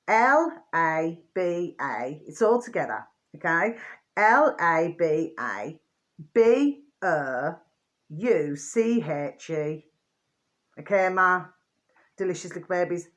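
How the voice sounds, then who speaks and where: Chatty woman rambling to viewers. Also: fairly bright tone. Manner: chatty, repeats pet phrases and asks "do you know what I mean"; often drops to a low murmur, then rises high and laughs. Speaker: channel host. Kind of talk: rambling casual monologue.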